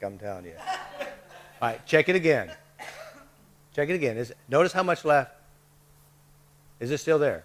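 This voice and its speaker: A man's voice: medium pitch, very animated, moderate pace, pauses often. A man leading a live workshop, coaxing the group with short repeated prompts and checks. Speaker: workshop leader.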